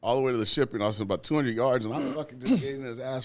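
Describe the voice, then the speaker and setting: A man, a union steward guest, telling work stories in a casual, profane and animated way, acting out what people said. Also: mid-range voice, rapid-fire, few pauses. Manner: profane, animated, acts out quotes. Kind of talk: casual storytelling.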